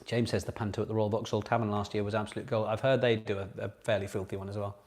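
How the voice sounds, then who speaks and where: A man's voice: on the low side, level tone, fast talker, darkish tone. A man hosting a casual online pub quiz. He talks in a chatty, jokey way, repeats each question and reads out comments from viewers. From Britain.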